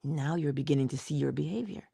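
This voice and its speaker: Middle-aged woman doing a motivational morning talk, low gravelly voice, dry close sound, slow deliberate, asks questions then answers them. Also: dark tone, dry recording. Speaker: inspirational speaker.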